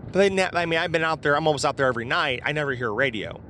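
A man's voice: fairly high pitch, lively intonation, racing, pushed and bright, a little hiss or hum. A man from southeast Iowa casually telling a personal encounter story in a rambling, informal way, with fillers and the odd curse word. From southeast Iowa, USA.

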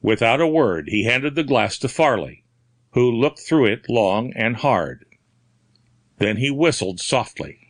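A man narrating an audiobook ghost story in measured, expressive storytelling. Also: medium pitch, dry recording. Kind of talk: scripted narration.

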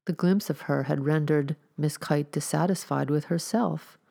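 A woman narrating a story as an audiobook reader, with a measured, steady reading. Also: sits low, creaky.

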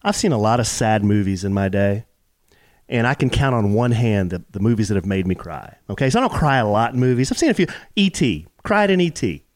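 A man's voice: fairly low pitch, expressive, a little fast, no room sound, clean studio sound. A man co-hosting a podcast with his wife, casually giving fired-up, passionate opinions. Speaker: podcast co-host. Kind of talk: casual chat.

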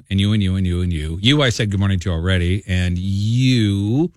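A man's voice: on the low side, brisk, few pauses, no room sound, studio quality. A man co-hosting a morning radio show, joking and teasing callers in a playful banter.

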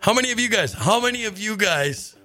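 Radio guy telling wild stories, bright voice, jumps around a lot, laughs a bunch. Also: high voice, fairly quick, soft background music. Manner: animated storyteller, laughs often. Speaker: radio host. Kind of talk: casual chat.

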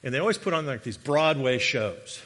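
A middle-aged man, a guest preacher, giving a sermon with a humorous personal story, animated and joking as he tells it. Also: mid-range voice, normal speed. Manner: animated storyteller, jokey asides. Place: church sanctuary. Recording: long reverb of a large hall.

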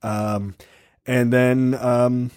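Guy on a podcast, easygoing and swears a lot, mid pitch, dry close sound. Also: level tone, drawn-out words, a little mellow, clear, resonant tone, no echo. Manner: profane, laid-back, rambling with fillers. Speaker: podcast co-host. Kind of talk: casual chat.

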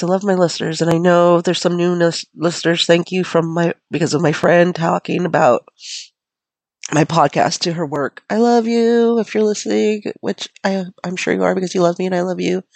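A young woman hosting her podcast while sick, hoarse and coughing, rambling casually, swearing and laughing at herself. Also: lowish voice, a little mellow, dry recording, poor audio. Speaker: podcast host. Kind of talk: casual chat.

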